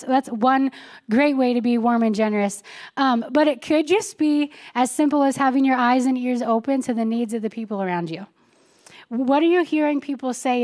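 A woman with a fairly high voice preaches in a relaxed, chatty way. She mixes everyday stories and quick asides with scripture reading. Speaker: pastor. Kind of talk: sermon.

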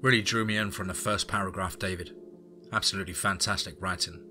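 Deep-voiced man narrating horror. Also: steady tone, quick pace, bright, forceful tone, soft background music. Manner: enthusiastic, effusive.

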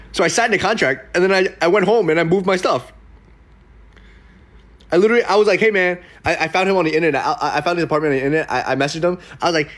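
A man's voice: a little high, fast talker, long pauses. A young man hosting a casual livestream, telling stories in a rambling way with many fillers and restarts, and acting out the people he quotes. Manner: acts out quoted people in mock voices. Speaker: livestream host.

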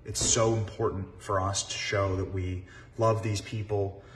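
A man's voice: lowish voice, level tone, a little slow, slight background noise. A man hosting a show, giving earnest, somber commentary. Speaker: show host.

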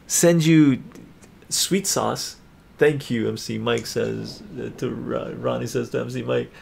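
A man's voice: medium pitch, gravelly. A man hosting a casual live stream, chatting upbeat with viewers and reading their comments aloud. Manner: excited auctioneer calling bids. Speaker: streamer hosting a points auction.

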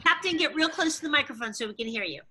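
A woman with a high, very bright voice coaches young actors over a video call. She cues lines and keeps urging them on. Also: lively intonation, rapid-fire, rough recording. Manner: encouraging, cueing lines. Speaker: acting teacher.

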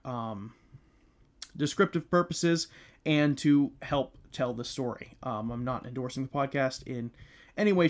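A man hosting a true crime podcast, talking loosely with frequent ums and restarts. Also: medium pitch. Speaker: podcast host.

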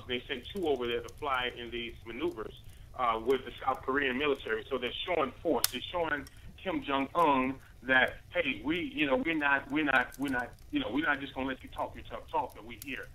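A man's voice: mid-range voice, pushed and bright, poor audio. A man giving a rambling spoken commentary to listeners he calls family, full of rhetorical questions and "right?" tags. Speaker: radio commentator.

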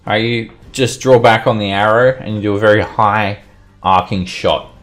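A man's voice: fairly low pitch, normal speed, fairly bright tone, soft background music. A man running a tabletop game as game master, narrating casually with chuckles and fillers.

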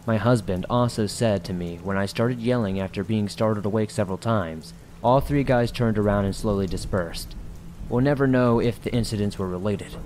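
A man narrating a horror story in a steady, measured way. His voice sits low. Faint rain can be heard behind him. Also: a little hiss or hum, low-quality recording.

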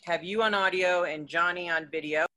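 A woman teaching an online acting class, encouraging and relaxed. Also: lowish voice, normal speed.

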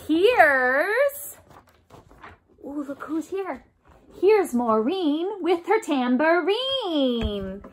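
Young woman music therapist, high and bouncy, slow, patient sing-song delivery for kids. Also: slight background noise. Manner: animated, sing-song, makes instrument sounds with her mouth. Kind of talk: remote music therapy session for children.

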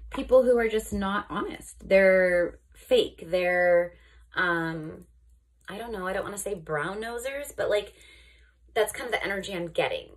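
A tarot reader with a lowish, slightly rough voice does a casual reading for her viewers. She's chatty, often checking in with "okay?", restarting and correcting herself as she goes.

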